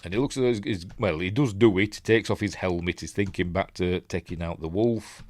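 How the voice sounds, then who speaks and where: Low-voiced Yorkshire man rambling through a film. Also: a little fast, darkish tone, no room sound. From Yorkshire, England. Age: middle-aged. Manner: rambling, chatty, many fillers and restarts. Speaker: film review host. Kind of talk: casual live commentary on a film.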